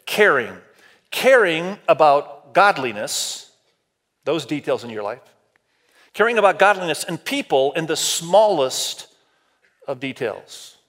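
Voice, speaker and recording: A man preaching a sermon to a congregation across several campuses, talking in a lively, conversational way and asking the audience for raised hands. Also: a little high, takes it slowly, pauses often. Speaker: pastor. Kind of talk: sermon to a multi-campus church.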